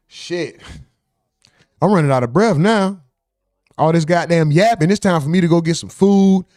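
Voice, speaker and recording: A man's voice: fairly high pitch, a little mellow, smooth, no echo, studio quality. A man from the American South hosting a casual livestream sign-off, reading chat comments aloud in a laid-back, profane way. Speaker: livestream host.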